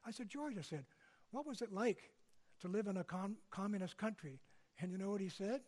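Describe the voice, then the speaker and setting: An older Canadian man gives a public lecture in a conversational style, frequently checking in with listeners through tag questions. His voice sits high, with a brisk pace and a darkish tone.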